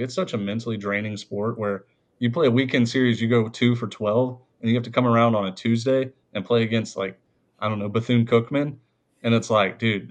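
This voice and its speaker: A man hosts a casual sports podcast in a mid-pitched, ordinary voice. He talks loosely, leans on fillers and laughs easily. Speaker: podcast host.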